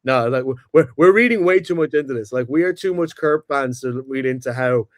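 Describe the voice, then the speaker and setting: A young man co-hosting a sports podcast, chatting excitedly and swearing freely. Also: mid-range voice, fairly quick. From Ireland or UK. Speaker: podcast co-host. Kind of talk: casual chat.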